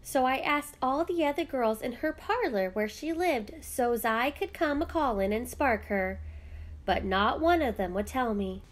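A woman puts on a father spinning a family story from a storybook. He talks with a lively lilt and a fairly high voice. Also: unhurried. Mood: storytelling. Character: warm old-world Irish father telling a story.

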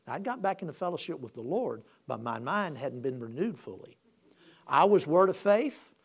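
Gravelly male preacher telling a story. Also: a little high, sing-song, moderate pace. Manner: storytelling with repeated restarts, swelling in emphasis. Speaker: pastor. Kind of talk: sermon, personal story.

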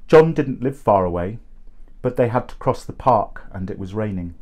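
A man reading a short story aloud, measured and expressive. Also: lowish voice.

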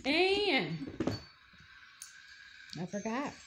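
High-voiced, gushing woman vlogger. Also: extremely slow, background noise. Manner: animated, gushing, folksy slang. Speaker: beauty vlogger. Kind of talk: casual haul review.

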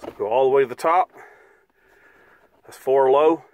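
Beside his RV outdoors, a man makes a casual how-to vlog, walking viewers through each step in a folksy, chatty style. His voice is medium-pitched and darkish, at a moderate pace, with no room sound.

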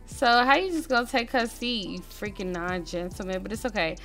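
A woman hosting a casual let's-play, chatting straight to her viewers and swinging between quiet murmuring and excited squeals. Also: mid-range voice, moderate pace, few pauses, soft background music. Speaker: gaming channel host.

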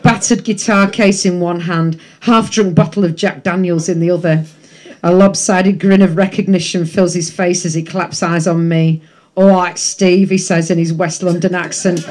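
A woman's voice: lowish voice, steady tone, normal speed, a little mellow. A woman reading a memoir excerpt aloud at a bookshop event, with chatty asides between passages. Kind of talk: reading a book excerpt to a live audience. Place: bookshop event before an audience.

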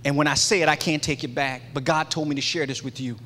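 A man's voice: on the high side, fairly even intonation, fast talker, bright, forceful tone, a little hiss or hum. A middle-aged man leading a church men's ministry, giving an impassioned testimony sermon with a repetitive preaching cadence. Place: large church sanctuary. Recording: long hall reverb.

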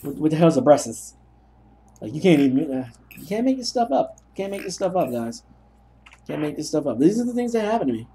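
A man's voice: fairly high pitch, sing-song, fast talker, dark tone, slight background noise. A young man narrating a gameplay session, telling rambling, self-mocking stories as he plays. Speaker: gaming commentator. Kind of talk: let's play commentary.

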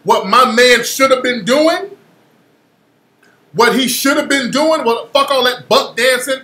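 A man's voice: extremely high pitch, a little slow, sharp tone, reverberant. A male radio host giving opinionated commentary, blunt and profane, repeating phrases for emphasis.

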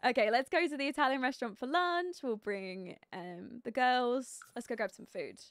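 A young live streamer with a high, bright voice plays a life-sim game at a moderate pace, chatting, giggling, and thinking aloud with many fillers. Between remarks on the game she greets chat viewers by name. Her voice is smooth, and the recording is close and dry with no echo or room sound.

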